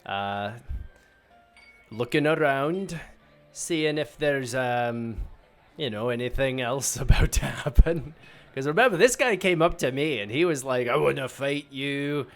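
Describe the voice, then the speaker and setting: A man's voice: mid-range voice, lively intonation, unhurried, faint music behind. A man playing a tabletop game, chatty and joking as he describes his character's actions. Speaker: player. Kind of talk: casual tabletop role-play.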